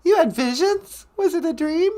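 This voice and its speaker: A squeaky falsetto companion. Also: male voice, animated, moderate pace, warm tone. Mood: chirpy.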